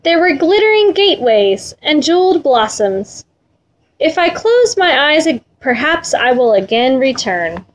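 Woman reading a drowsy old man, grumbling, dreamy, slow, high-voiced. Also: sing-song.

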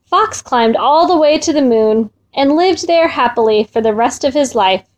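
A woman reading a children's folk tale aloud in a gentle, expressive way, drawing out repeated words. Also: high voice. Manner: gentle, expressive, drawn-out repetitions. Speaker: storyteller.

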